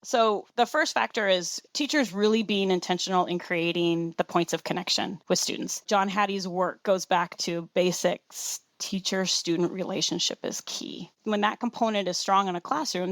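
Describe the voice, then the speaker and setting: A woman's voice: mid-range voice, no room sound, clean studio sound. A woman guest expert on a podcast, earnestly explaining her ideas on teaching and laying them out point by point. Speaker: teaches students. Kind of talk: podcast interview answer.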